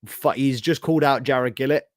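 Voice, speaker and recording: A young man hosting a live football reaction stream, casual and sweary, his voice hoarse from shouting. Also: medium pitch, fairly even intonation, moderate pace, no echo, clean studio sound. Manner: casual, sweary, slangy, talks to chat. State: losing his voice. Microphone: streaming setup with camera.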